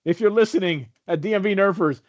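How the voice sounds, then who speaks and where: A man's voice: high voice, fast talker. A man with a slightly raised voice co-hosts a charity livestream, laughing a lot and calling on listeners in a jokey, rallying way. His audio sounds a little dull. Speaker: charity stream co-host. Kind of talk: joking livestream chat.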